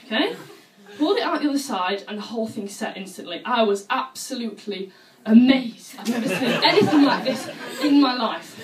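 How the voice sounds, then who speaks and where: Lively high-voiced woman doing stand-up. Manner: chatty, animated storytelling with acted-out voices. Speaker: stand-up comedian. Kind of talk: stand-up routine. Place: comedy club stage with audience laughter. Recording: roomy venue audio from a distance with faint noise.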